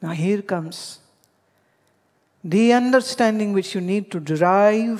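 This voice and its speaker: A woman's voice: medium pitch, slow pace, long pauses, darkish tone, long reverb tail. A woman from India giving a spiritual discourse, telling stories and addressing her listeners directly. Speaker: spiritual teacher.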